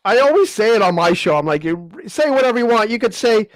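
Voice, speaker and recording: High-voiced man ribbing his co-hosts. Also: very animated, fast, no echo. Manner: joking, smug ribbing. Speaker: co-host. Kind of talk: casual panel chat. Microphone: video call.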